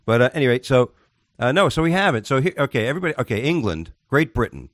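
A man's voice: medium pitch, animated, fast, no room sound, studio quality. A man co-hosting a podcast in casual chat, rambling and joking. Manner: rambling, jokey, puts on silly voices. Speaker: podcast co-host.

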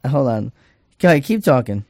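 A man's voice: mid-range voice, big pitch swings, brisk, darkish tone, no room sound, clean studio sound. A man co-hosting a podcast in casual chat, easygoing and agreeable. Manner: easygoing, laughs along, agreeable. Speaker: podcast co-host.

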